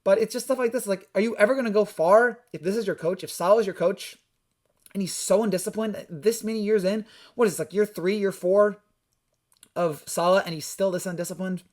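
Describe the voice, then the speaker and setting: A young man giving casual, opinionated sports predictions, energetic and rambling with frequent restarts. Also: high voice, a little fast. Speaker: sports YouTuber.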